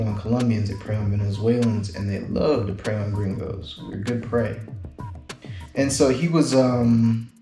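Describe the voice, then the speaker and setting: A man speaking in a loose, conversational way, full of fillers and false starts as he tells a story to his camera. His voice sits at a middling pitch and bounces around a roomy, echoey space. Faint music plays underneath. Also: darkish tone. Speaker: vlogger.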